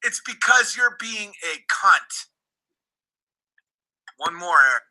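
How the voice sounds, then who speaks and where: A man's voice: sits high, expressive, takes it slowly, rough recording. A man ranting angrily on a livestream, swearing and repeating threats while reading chat comments aloud. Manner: profane, shouting threats, repetitive. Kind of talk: angry livestream rant.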